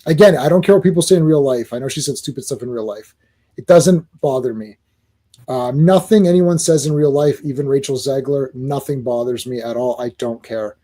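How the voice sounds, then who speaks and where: A man co-hosting a casual podcast chat, blunt and opinionated, getting excitable. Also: mid-range voice, brisk. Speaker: podcast co-host.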